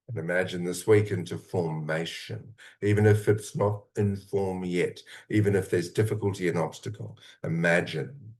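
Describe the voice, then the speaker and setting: A man with a notably deep, low voice leads a guided meditation. He talks in a slow, calm, soothing way, breaking his thoughts into short phrases with long pauses. He sounds middle-aged. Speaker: mentor leading a guided meditation.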